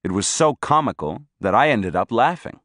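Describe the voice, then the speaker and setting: A man's voice: on the low side, lively intonation, normal speed, fairly bright tone, no echo, clean studio sound. A man reading a first-person story aloud as an audiobook narrator, telling it expressively.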